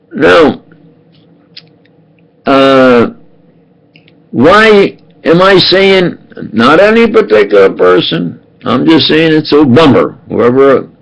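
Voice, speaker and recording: A man in his eighties in a rambling, aggrieved monologue, halting and repeating himself. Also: on the high side, vocal fry, rough recording. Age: 80s. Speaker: self-published speaker.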